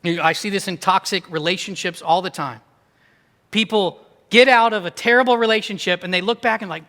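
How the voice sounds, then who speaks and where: A man preaches in a lively, conversational style, tossing in quick asides. His voice is high and bright. It carries a long reverb from the church hall around him. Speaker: pastor. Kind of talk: sermon. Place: church sanctuary.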